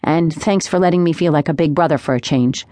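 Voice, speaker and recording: A woman reading the part of an earnest young man, an older brother, in a sincere, gently teasing way. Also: sits low, a little fast, no echo, close to an everyday voice. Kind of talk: audiobook character voice. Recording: dry close studio sound.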